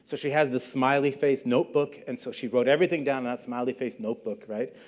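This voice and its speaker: A man's voice: mid-range voice, fairly even intonation, quick pace, darkish tone. A middle-aged man giving a public lecture, telling a story in a conversational way and briefly acting out the people he quotes. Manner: conversational, acts out quoted voices. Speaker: guest lecturer.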